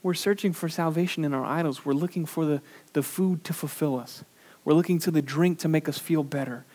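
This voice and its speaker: A man preaching a sermon in an earnest way, sometimes pausing on "uh", who pushes his voice up for emphasis and then drops it low and quiet. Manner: earnest preaching with frequent "uh" fillers. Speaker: pastor.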